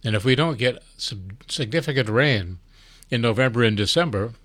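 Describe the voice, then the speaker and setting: An older man hosting a casual chat, talking in a chatty, wry and unhurried way. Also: mid-range voice, animated, fairly bright tone, no room sound. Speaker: host.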